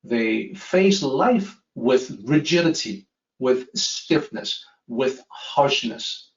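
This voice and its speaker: Guy teaching philosophy off a slide, calm and explaining, a bit far from the mic, kinda dull sound. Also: medium pitch. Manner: measured, explanatory, stresses key words. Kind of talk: lecture explaining a text with a slide table. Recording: roomy, distant, slightly dull sound.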